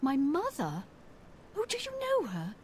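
A proper fantasy-city woman from a video game, high-pitched and very lively in her intonation. She speaks in a crisp, formal way and turns stern toward criminals. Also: unhurried, heavily acted. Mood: polite. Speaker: game character.

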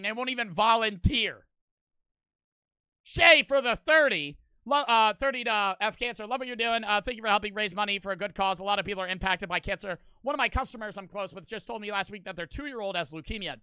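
Bright, crisp young man streaming. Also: high voice, brisk, dry recording. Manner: profane, blunt, animated. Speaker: streamer reacting to a video. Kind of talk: casual stream commentary.

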